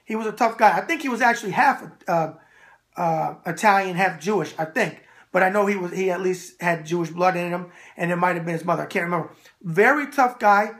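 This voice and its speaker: Brash New man, animated. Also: high voice, a little fast. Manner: brash, animated, repeating a catchphrase. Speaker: boxing show host answering viewer mail. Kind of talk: casual solo video mailbag.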